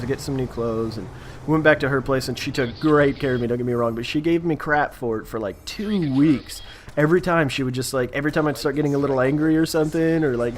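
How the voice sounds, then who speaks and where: A young man hosting a gaming channel, telling a rambling, self-mocking story in a casual, animated way over gameplay. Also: mid-range voice, a little hiss or hum.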